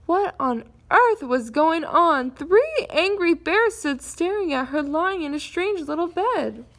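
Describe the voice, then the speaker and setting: A woman reading a children's fairy tale aloud in an expressive storytelling manner. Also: a little high.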